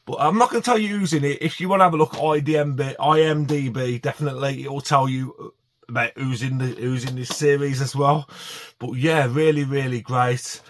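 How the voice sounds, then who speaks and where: A man's voice: medium pitch, a little fast, a little hiss or hum. A man chatting casually to camera about his DVD collection, enthusiastic and full of fillers and restarts.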